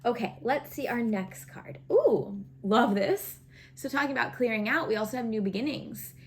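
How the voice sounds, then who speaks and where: A woman's voice: a little high, animated, moderate pace. A woman giving a casual tarot reading to camera, chatty and earnest, often checking in with the listener. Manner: chatty, earnest, frequent "right?" and "okay?" check-ins; encouraging, coaching tone. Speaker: tarot reader.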